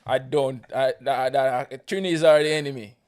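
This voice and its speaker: A man's voice: mid-range voice, steady tone, moderate pace, darkish tone, clear, resonant tone. Jamaican guy on a podcast, teasing and competitive, chatty. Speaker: podcast co-host. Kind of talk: casual chat.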